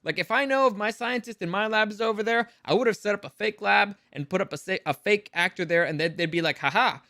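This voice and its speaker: A man's voice: high voice, fast, gravelly, sharp tone, no room sound, clean studio sound. A man ranting through a review vlog, exasperated and sarcastic, swearing freely.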